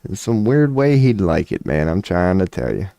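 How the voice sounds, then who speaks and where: This man's low, warm voice is very animated, with vocal fry, at a normal speed. He's rambling through casual stream talk on a home webcam, cursing, joking loosely and slipping into silly voices. The webcam mic recording is dry and studio quality.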